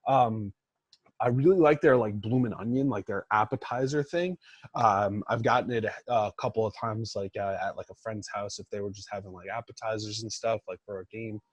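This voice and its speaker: A man's voice: fairly low pitch, a little fast, husky, no echo. A young man co-hosting a podcast in casual chat, rambling with lots of fillers and "like"s. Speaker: podcast co-host.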